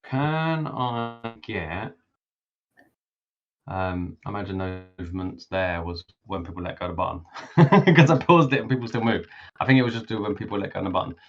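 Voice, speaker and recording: A man's voice: sits low, expressive, moderate pace. A man running a tabletop game as game master, explaining at length with lots of fillers. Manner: rambling, filler-heavy explanations. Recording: dull lo-fi voice chat audio.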